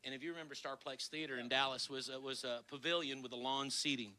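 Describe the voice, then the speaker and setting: A middle-aged male comedian co-hosting an online show, telling stories in casual chat, animated and swearing freely. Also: mid-range voice, fast talker, poor audio. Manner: animated, swears freely, bursts into loud laughter. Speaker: comedian and co-host of an online concert series.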